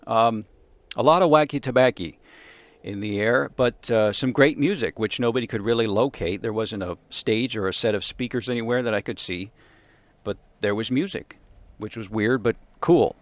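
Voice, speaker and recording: A man's voice: fairly low pitch, no echo. Rambling older man hosting a comedy podcast. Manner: rambling, halting, with many fillers and restarts. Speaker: podcast host. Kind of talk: comedic monologue.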